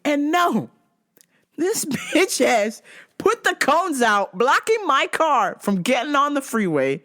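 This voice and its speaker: A woman vlogger telling a comic story, swearing constantly and shouting out the lines she quotes. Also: high voice, sing-song, slow pace. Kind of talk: profane comedic storytelling.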